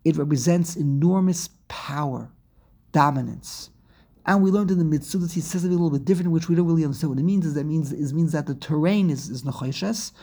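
A man's voice: on the high side, fairly quick, dark tone, husky. A man teaching a scripture study class, reading phrases aloud, translating them, and explaining step by step with restarts and asides to his students.

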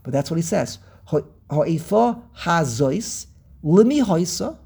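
A man teaching a text class over a video call, weaving Hebrew terms into English, pausing and repeating words as he searches, and posing questions he then answers. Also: fairly high pitch, big pitch swings, vocal fry, mellow, husky. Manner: asks and answers his own questions. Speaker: Torah teacher.

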